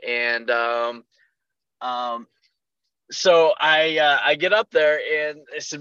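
A man co-hosts a podcast, telling a story animatedly and acting out the quotes in a bright, forceful voice. The sound is dry and somewhat dull, like a lo-fi recording. His pitch sits in an ordinary middle range. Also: slow, clear, resonant tone, no room sound. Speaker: podcast co-host. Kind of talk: casual chat.

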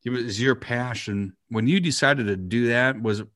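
A man's voice: mid-range voice, moderate pace, a bit bright, dry recording, clean studio sound. A man hosting a podcast, asking long, rambling questions full of restarts. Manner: rambling, restarts his sentences. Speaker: podcast host. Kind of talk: casual interview questions.

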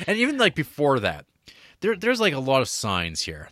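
A man chatting casually about a film as a podcast co-host, animated and laughing as he acts out lines. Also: medium pitch, moderate pace, no echo. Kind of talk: casual chat.

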